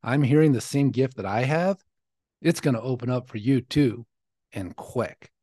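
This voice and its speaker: A man quoting a female psychic card reader in a soft, confiding way, in his own voice. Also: mid-range voice, normal speed, husky, no echo, studio quality, natural voice.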